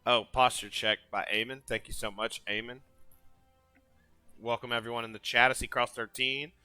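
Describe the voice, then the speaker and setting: Male stream host, bright and upbeat, dry close-mic sound. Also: medium pitch, normal speed, clean tone, no echo, soft background music. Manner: energetic, hyping up the chat. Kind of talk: casual gaming stream chat.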